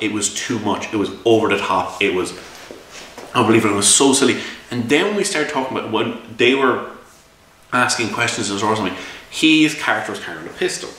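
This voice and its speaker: In an echoey room with the microphone placed far away, an Irish game reviewer and game master tells a long, irritated story about a tabletop game, often restarting and repeating himself. His voice is on the low side and fairly bright, and the delivery is a casual spoken review.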